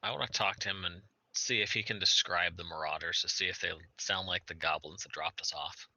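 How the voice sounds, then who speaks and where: A man's voice: deep voice, steady tone, fairly quick, bright, forceful tone, dry recording, low-quality recording. A man playing a tabletop game, stating his character's plans matter-of-factly. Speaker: player. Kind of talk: casual tabletop play.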